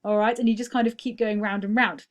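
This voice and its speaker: A woman's voice: a little high, fairly even intonation, fast talker. Woman teacher going over quiz answers. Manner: explanatory, frequent "okay?" check-ins. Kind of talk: recorded feedback lesson.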